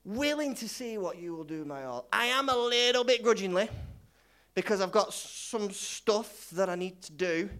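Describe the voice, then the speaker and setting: Male pastor, sermon, high voice, chatty, repetitive. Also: lively intonation, moderate pace, bright, forceful tone, clean tone. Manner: conversational, repetitive, lots of restarts; leads the congregation in call-and-response.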